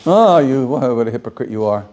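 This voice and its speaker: Animated rabbi with a mellow voice. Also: male voice, mid-range voice, normal speed. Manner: animated, rhetorical questioning, repeats phrases for emphasis. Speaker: rabbi teaching a class. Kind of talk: Torah lecture to students.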